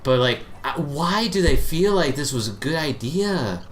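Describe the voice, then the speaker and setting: A man hosting a let's play over a voice chat call, talking casually and loudly reacting to the game with lots of fillers. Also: fairly high pitch, a little slow, a little hiss or hum. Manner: animated, exclamatory, filler-heavy. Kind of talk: casual gameplay commentary.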